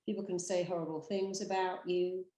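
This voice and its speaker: A woman with a British accent, a therapist giving an emphatic, animated motivational talk straight to the camera. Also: lowish voice, normal speed, roomy sound, poor audio. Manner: emphatic, animated storytelling with acted quotes. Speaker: therapist and hypnotherapist.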